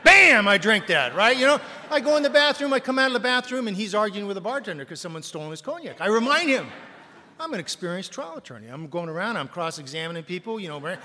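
A man telling a self-mocking story to an audience, acting out voices and loud punchlines. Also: sits high, lively intonation, quick pace, big-room sound, slight background noise. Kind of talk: recovery storytelling with comic bits.

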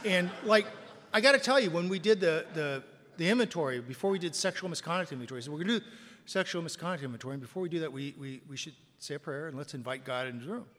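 A middle-aged man telling his recovery story to a live audience, wry and self-mocking, swinging from quiet asides to loud outbursts. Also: on the high side, fast. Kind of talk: personal testimony to a live audience. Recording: long hall reverb.

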